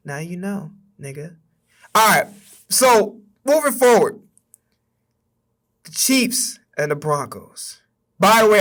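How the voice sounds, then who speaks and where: A man's voice: a little high, a bit bright. A young man hosting a sports stream, ranting casually and heatedly with plenty of swearing. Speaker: streamer and sports podcast host. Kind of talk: casual sports rant on a livestream.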